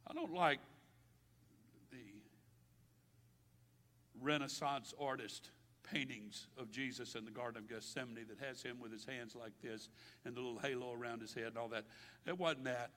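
A male pastor preaching a sermon with passion, his delivery swinging from loud declarations to hushed, quiet stretches. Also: medium pitch, moderate pace, long pauses. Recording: long hall reverb.

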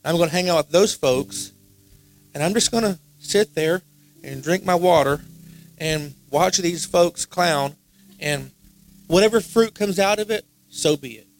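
A man's voice: on the high side, a little slow, soft background music. A man pastor at a midweek church service, preaching in a conversational way at an uneven pace. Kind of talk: sermon-style sharing at a midweek service.

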